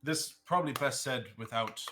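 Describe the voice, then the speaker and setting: A man's voice: medium pitch, moderate pace, pushed and bright, faint music behind. A man playing his character in a tabletop game, hesitant and often laughing. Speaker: player.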